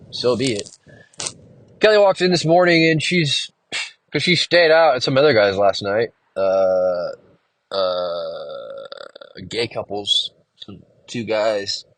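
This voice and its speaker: A man's voice: mid-range voice, a bit bright, dry recording. A man hosting a solo podcast, rambling casually and venting with a lot of swearing. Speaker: podcast host and musician.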